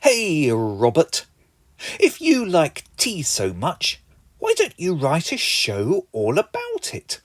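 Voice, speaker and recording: A man's voice: on the high side, wildly swooping pitch, slow, no echo, clean studio sound, full character voice. A man voicing a sceptical adult man who teasingly challenges the poet.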